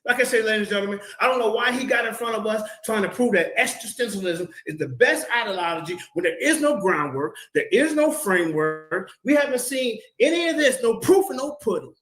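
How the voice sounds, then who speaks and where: A man's voice: sits high, lively intonation, fairly quick, hardly any pauses, a bit bright, reverberant, rough recording. A man giving a heated debate rebuttal, fiery and preacher-like, repeating words as he pushes his point.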